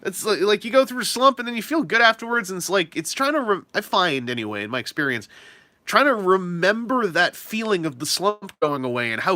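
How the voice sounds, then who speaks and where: A young man chats loosely to his livestream audience, rambling with lots of "uh" and "like". His voice is bright and very lively in pitch. He sounds dry and close to the mic. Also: a little fast, no echo. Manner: rambling, self-deprecating, lots of fillers. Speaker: streamer. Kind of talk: casual livestream chat.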